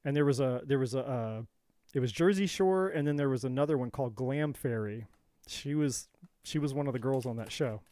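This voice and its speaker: A man's voice: medium pitch, fairly quick, mellow, dry recording. A man hosting a casual live tarot reading, rambling and joking, going off on tangents and talking to his viewers by name. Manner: addresses viewers directly by name.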